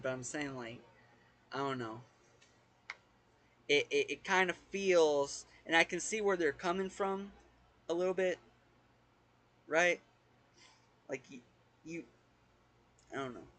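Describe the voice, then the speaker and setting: A young man talks through a game in casual let's-play commentary, sitting a little high and sounding bright and edgy. He rambles, restarts and repeats words, hesitant, and drops the odd swear word. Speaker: gaming channel host.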